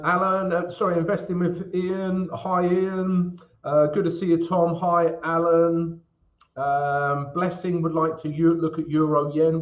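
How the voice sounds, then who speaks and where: A man's voice: a little high, muffled recording. A man from England hosting a live trading stream, chatting with viewers by name and talking through charts in a casual, joking way. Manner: chatty, greets viewers by name, jokes between chart talk. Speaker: forex trading stream host.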